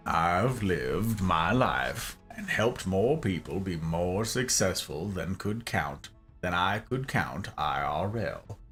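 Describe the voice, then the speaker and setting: A man voicing a solemn male narrator, reading a chat answer in a slow, grave voice. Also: deep voice, a bit bright, pitched below the performer's own voice, heavily acted.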